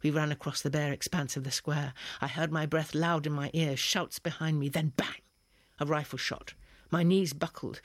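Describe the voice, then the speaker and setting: A man reading a first-person story as a narrator, measured and expressive. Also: a little high, no room sound, studio quality. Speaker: audiobook reader.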